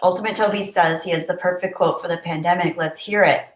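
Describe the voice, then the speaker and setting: A woman hosting a casual livestream, chatting warmly and reading viewer messages aloud. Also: fairly low pitch, moderate pace, hardly any pauses. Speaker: livestream host. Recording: roomy echo.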